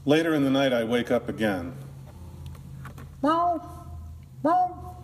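A man who is a minister, preaching a sermon in a slow, deliberate way with long pauses, in what sounds like a church. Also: mid-range voice, expressive, darkish tone, slight background noise. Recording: long reverb of a large hall.

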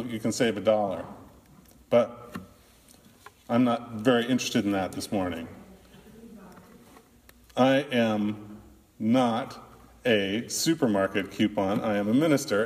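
A man who is a minister, preaching a sermon in a slow, deliberate way with long pauses, in what sounds like a church. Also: medium pitch, darkish tone. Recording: long reverb of a large hall.

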